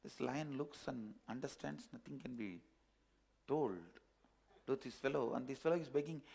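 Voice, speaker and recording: A man, a spiritual teacher telling a parable in a discourse, animated and chuckling at his own jokes. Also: medium pitch, moderate pace, gravelly, breathy edge.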